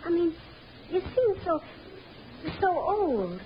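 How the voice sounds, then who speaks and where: A woman's voice: extremely high pitch, big pitch swings, slow pace, slight background noise, full character voice. Ruth, an earnest eighteen-year-old girl. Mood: wistful. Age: young adult. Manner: breathless, emotional delivery. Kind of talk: 1940s radio acting. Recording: dull lo-fi old radio recording.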